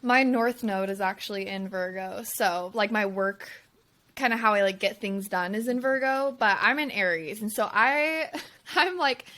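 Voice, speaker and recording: A woman's voice: medium pitch, moderate pace, bright, forceful tone. A woman hosting a podcast in casual chat, talkative, peppering her speech with "like" and short affirmations. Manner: chatty, full of "like" and short affirmations. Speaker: podcast host.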